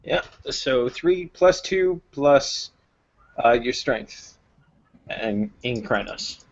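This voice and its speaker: A man running a tabletop game as game master, relaxed and thinking aloud with fillers. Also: medium pitch, extremely slow. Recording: dull lo-fi recording.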